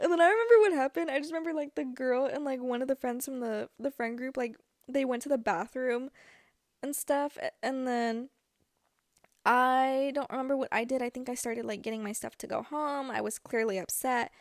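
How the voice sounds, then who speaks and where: Here a young woman tells a personal story on her podcast at a moderate pace, her high voice recorded dry and clean in a studio. She's chatty and animated, leaning heavily on fillers.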